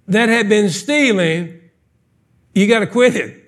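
Brief: male pastor, high-pitched, playful live sermon in a church, punchy questions. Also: takes it slowly. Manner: animated, joking, fires off rhetorical questions. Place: church sanctuary, live service.

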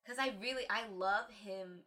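Bright, animated woman chatting casually. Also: mid-range voice, normal speed. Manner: animated storyteller, acts out quotes, laughs often. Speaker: podcast co-host. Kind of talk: casual chat.

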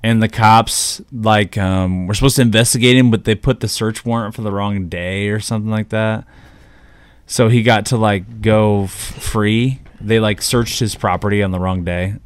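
A man's voice: fairly even intonation, moderate pace, smooth, dry recording. Rambling giggly man, dry close sound. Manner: rambling, giggly, acts out characters in high silly voices. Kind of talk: casual chat recapping a movie.

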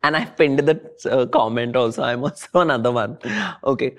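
A young adult podcast guest with an Indian accent, talking casually, effusive and expressive, laughing often and mixing Hindi into English. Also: medium pitch, a little fast. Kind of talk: casual conversation.

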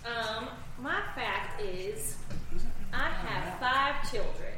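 A woman's voice: on the high side, animated, drawn-out words. A woman chatting as a player at a tabletop game, playful and teasing. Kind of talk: casual chat among players. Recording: echoey room from a distance, noisy.

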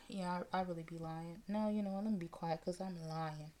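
A woman hosting a casual talk podcast, giving blunt and animated commentary and swearing freely. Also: lowish voice, a little fast, hardly any pauses. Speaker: podcast host. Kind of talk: casual commentary on celebrity news.

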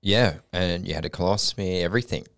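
A male interviewer with a very deep, gravelly voice asks short, easygoing questions. His sound is dry and close. He laughs often between prompts. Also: quick pace, a bit bright, no room sound. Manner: brief prompts and frequent laughs. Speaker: interviewer host. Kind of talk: casual interview conversation.

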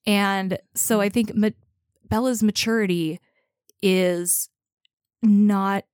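A woman's voice: medium pitch, slow, clear, resonant tone, dry recording, clean studio sound. A woman co-hosting a podcast, chatting playfully and with animation about a novel. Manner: playful and animated, often laughing. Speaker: podcast co-host. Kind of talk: casual book-club chat.

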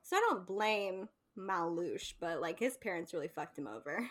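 A woman's voice: lowish voice, animated, moderate pace, fairly bright tone. A woman co-hosting a casual book chat, blunt and wry, swearing freely as she gives her opinions. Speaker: book podcast co-host.

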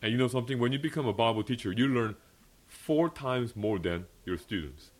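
A man's voice: mid-range voice, lively intonation, a little fast. A young adult male pastor preaching a personal testimony sermon at a fellowship meeting, earnest and emphatic, repeating key phrases and laughing often.

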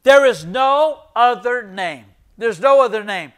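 Middle-aged preacher guy, real high voice, keeps hammering the same lines over and over. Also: expressive, unhurried, smooth. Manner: emphatic, repeats key phrases for emphasis; addresses the congregation as ladies and gentlemen. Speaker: pastor. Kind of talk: sermon.

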